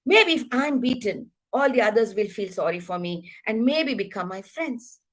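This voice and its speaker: A woman's voice: fairly high pitch, animated, moderate pace, low-quality recording. A woman doing a whiny sad little schoolboy. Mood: scheming. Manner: whiny, complaining.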